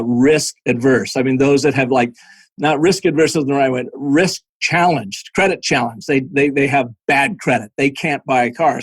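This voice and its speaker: A man guest on a podcast, telling business anecdotes in a lively conversational way, now and then laughing. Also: medium pitch, no echo. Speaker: podcast guest, storytelling strategist. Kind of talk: conversational storytelling.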